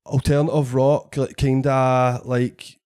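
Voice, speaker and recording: A man with a Scottish accent, a podcast host and comedian, telling an animated story full of swearing in casual chat. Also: mid-range voice, slow, clean tone. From Scotland.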